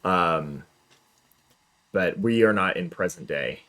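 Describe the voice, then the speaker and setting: A man's voice: sits low, slow, a bit bright. A male gaming streamer chatting casually through a let's play, self-mocking and upbeat.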